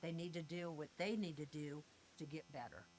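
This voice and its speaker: A woman's voice: low voice, steady tone, moderate pace, darkish tone, slight background noise, rough recording. Earnest older woman, faith-centered. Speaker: grieving mother and guest. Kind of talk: heartfelt conversational interview.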